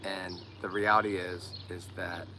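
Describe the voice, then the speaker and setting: Against a noisy background, a man with a low voice talks a little slowly in a flat delivery. It's a casual livestream chat; he's from Delaware County, Pennsylvania, speaks with a Philadelphia accent, and often repeats words while searching for what to say.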